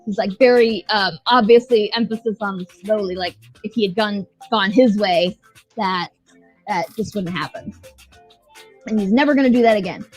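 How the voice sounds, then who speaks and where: A woman's voice: fairly high pitch, a little fast, soft background music, low-quality recording. A woman co-hosting a podcast, recapping a show in casual, blunt, profane, joking chat. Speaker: podcast co-host.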